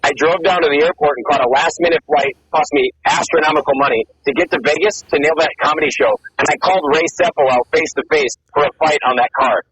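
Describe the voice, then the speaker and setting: A man in his thirties, a former Marine and fighter, telling stories in a fast, profane, excited way and acting out what people said. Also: on the high side, lo-fi sound, crowd noise. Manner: fast, profane, excited storytelling with acted-out quotes. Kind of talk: casual interview storytelling.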